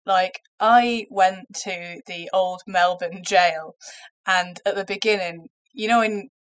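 A woman from England holds forth on a casual comedy podcast, full of swearing and laughter. She has a slight cold. Her telling is animated and playful. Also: on the low side, slow pace. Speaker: podcast co-host.

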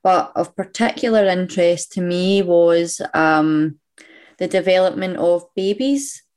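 A young Scottish woman speaks in a lowish voice as a guest on a casual podcast. She is chatty, laughs easily and fills her pauses with "um". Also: a little mellow. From Scotland. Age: young adult.

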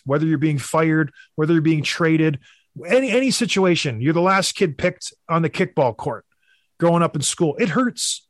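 A man, a former hockey player, co-hosting a casual sports talk show and telling stories with animated emphasis. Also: fairly high pitch, dry recording, studio quality.

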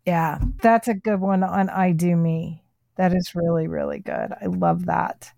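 A woman's voice: on the low side, very animated, unhurried, gravelly, dark tone, dry recording, clean studio sound. A woman hosting a heartfelt casual conversation, speaking in a soothing, affirming way.

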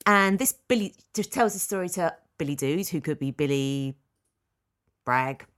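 A woman on a casual podcast, telling a long story with a voice that swoops up and down. She sits a little low for a woman and keeps the chat loose and animated. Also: a little slow. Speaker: podcast co-host.

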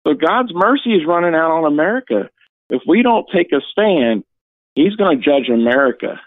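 A man's voice: on the high side, sing-song, normal speed, no room sound. A man calling in to a talk radio show, speaking with earnest, emotional, preacher-like fervor. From Indiana. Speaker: caller. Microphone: phone. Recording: tinny phone line, dry.

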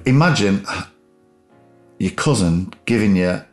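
A man's voice: fairly low pitch, expressive, takes it slowly. A man hosting a podcast in casual chat, speaking with enthusiastic praise. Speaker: podcast host. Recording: roomy echo with faint music.

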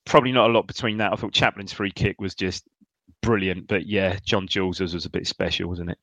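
A man's voice: sits low, fairly even intonation, a little fast, a bit bright, dry recording. A man co-hosting a casual football chat, enthusiastic but hesitant, with many ums. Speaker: podcast co-host.

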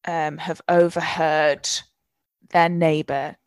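Woman, low voice, casual book chat, halting and searching for words, dry close mic. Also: flat delivery, smooth, no room sound. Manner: searching for words, many restarts, swears freely. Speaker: podcast co-host.

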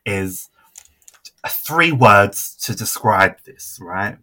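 Brief: young male podcast co-host, bright tone, lively pitch, giggles a lot. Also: very slow. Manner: giggly, trails off quietly. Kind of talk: casual chat.

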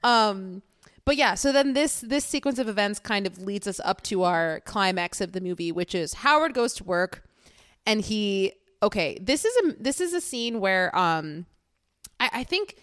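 Animated woman co-hosting a film podcast. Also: moderate pace, no room sound, clean studio sound. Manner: animated, acts out quotes with raised pitch, laughs often. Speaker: podcast co-host. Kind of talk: casual film discussion.

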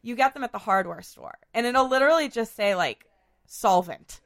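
A woman hosting a podcast in a casual chat, hoarse from a cold, chatty and full of fillers. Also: on the high side, lively intonation, normal speed. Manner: chatty, filler-heavy, laughs often. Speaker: podcast host.

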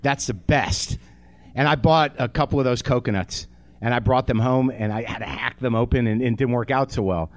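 A man with a brisk, mid-range voice hosts a live comedy show. Standing on a theater stage, he fires off a profane, self-deprecating stand-up rant to the audience.

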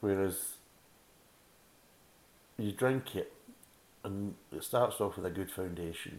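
A Scottish man with a low, deep voice rants through a casual beer review, blunt and sarcastic and swearing freely. His voice rings off the walls of an echoey room. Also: slow, pauses often, a little mellow, a little hiss or hum. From Scotland.

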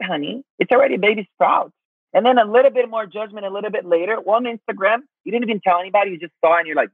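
A man's voice: high voice, slightly rough, dry recording. A man giving casual spiritual advice, swearing freely and calling the listener honey. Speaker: spiritual teacher. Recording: tinny phone-like sound.

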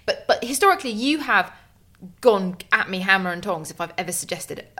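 Fast-talking woman, rambling. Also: mid-range voice, expressive, bright, forceful tone. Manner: rambling, indignant, halting restarts. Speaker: podcast co-host and journalist. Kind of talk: bickering casual chat.

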